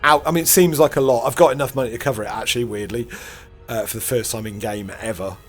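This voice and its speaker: With a mid-range, darkish voice and a fast delivery, a middle-aged gaming host gives loose, meandering commentary on a space game. He chuckles at himself and self-deprecates, while gentle background music plays.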